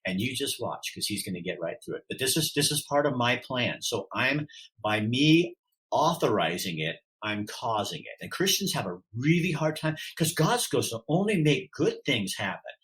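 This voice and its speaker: A middle-aged man speaking as a podcast guest, talking candidly and animatedly, acting out quoted voices with wide swings in pitch. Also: sing-song, moderate pace, fairly bright tone, rough recording. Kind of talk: candid interview talk.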